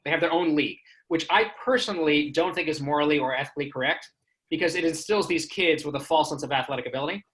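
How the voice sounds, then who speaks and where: A man's voice: fairly high pitch, quick pace, fairly bright tone, rough recording. A man from Houston, Texas doing a stand-up comedy set with self-deprecating storytelling. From Houston, Texas, United States. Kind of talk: stand-up comedy on a remote stream.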